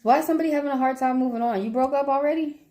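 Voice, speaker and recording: A woman's voice: high voice, rapid-fire, background noise. A young woman chatting casually on a tarot livestream, reading out viewers' questions and answering them with loose slang and frequent laughter. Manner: laughs a lot while telling stories, loose slangy talk. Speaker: tarot reader.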